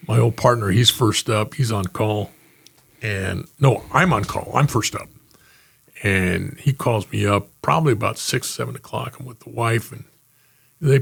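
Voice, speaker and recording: An older retired homicide lieutenant telling anecdotes in a casual interview, acting out quotes and laughing often. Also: male voice, lowish voice, gravelly, fairly bright tone, slightly rough.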